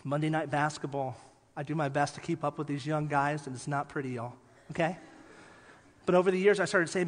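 High-voiced pastor in a reverberant hall. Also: male voice, fairly quick. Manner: animated storytelling, drops soft for emphasis. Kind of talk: sermon.

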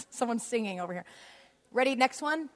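A woman with a fairly high voice preaches to a congregation with animated, storytelling energy and frequent laughter. Her voice rings out in a large church hall with a long reverb tail. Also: normal speed. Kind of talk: sermon.

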